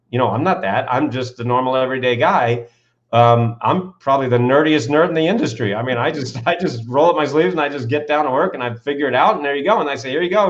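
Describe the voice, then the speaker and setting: Enthusiastic man on a lo-fi call. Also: medium pitch. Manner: enthusiastic, builds to excited peaks, asks rhetorical questions. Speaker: author and coach, interview guest. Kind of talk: animated interview storytelling.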